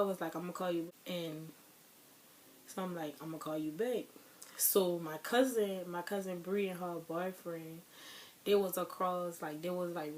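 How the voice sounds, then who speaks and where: A woman's voice: lowish voice, slight background noise. Young woman rambling through a storytime. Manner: loose rambling retelling, heavy on fillers and addressing viewers. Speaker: vlogger. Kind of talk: casual storytime vlog.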